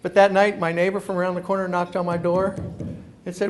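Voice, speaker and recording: A man's voice: sits high, level tone, brisk, a little hiss or hum. A man giving a talk to a live audience, telling a personal story with lots of energy, acting out the people in it and stumbling over repeated words as he starts sentences. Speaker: consumer columnist giving a talk. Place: meeting room before a live audience.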